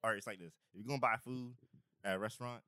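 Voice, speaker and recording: A man with a lower voice trades playful jabs in an easygoing podcast chat. The recording is dry and close-miked, with no room sound. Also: fairly even intonation, racing, bright, forceful tone, clear, resonant tone, no room sound. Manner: joking, playful trash talk. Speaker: podcast co-host. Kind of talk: casual chat.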